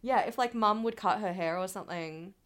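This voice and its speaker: A woman's voice: medium pitch, fairly quick, fairly bright tone. A woman co-hosting a podcast in casual chat, who laughs often and teases her co-host.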